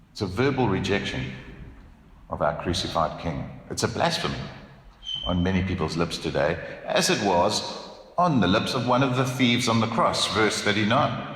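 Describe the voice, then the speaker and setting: A pastor preaching a sermon in a church, earnest and emphatic, asking rhetorical questions. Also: male voice, sits low, a bit bright, roomy sound, in a large hall, slight background noise.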